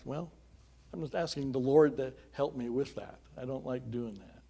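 With a gravelly yet mellow voice at medium pitch and normal speed, a middle-aged pastor tells his personal story in a sermon. He keeps it earnest and conversational, dropping in small chuckles along the way.

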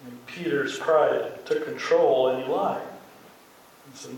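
A man's voice: medium pitch, slow, gravelly, darkish tone. An older man with a Midwestern American accent, preaching a sermon as a pastor in a conversational storytelling way, acting out the lines he quotes. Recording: very echoey hall, voice from far off.

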